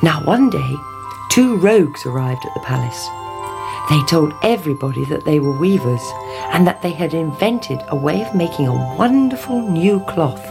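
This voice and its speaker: A woman reading a fairy tale aloud in a lively storytelling manner. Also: sits low, moderate pace, gravelly. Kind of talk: scripted storybook narration. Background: music.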